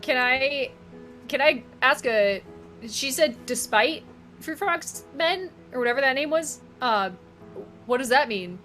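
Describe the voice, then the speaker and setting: A woman's voice: high-pitched, lively intonation, measured pace, sharp tone, soft background music. A woman player in a tabletop game, talking in a hesitant, playful way. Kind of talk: casual chat in a tabletop game.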